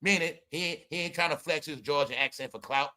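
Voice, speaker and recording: Emphatic ranting man, bright voice. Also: on the high side, fairly quick. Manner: emphatic, preachy, addresses viewers as y'all, swings loud and soft. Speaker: commentary streamer. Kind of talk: casual ranting commentary.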